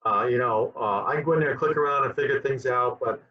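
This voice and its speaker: Husky man chatting in an interview. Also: mid-range voice, fast. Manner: rambling, repeats words. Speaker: guest, QA director. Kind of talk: conversational interview. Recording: dull lo-fi sound.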